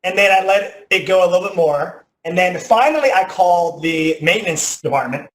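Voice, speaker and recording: A man in his thirties telling a personal story as a motivational talk, animated, often saying "like", with loud bursts at dramatic moments. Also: high-pitched, a little fast. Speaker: teacher giving a motivational talk. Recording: echoey room.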